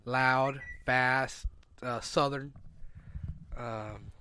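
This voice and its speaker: A man's voice: mid-range voice, fairly even intonation, extremely slow, bright, forceful tone, slight background noise. A young man hosting a podcast in casual chat, laid-back, trailing off and restarting his sentences. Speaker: podcast host.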